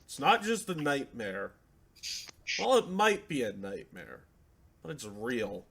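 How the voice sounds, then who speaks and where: A man narrating as game master in a tabletop role-playing game, talking in an animated, conversational way. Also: medium pitch, slow pace, creaky, slightly rough.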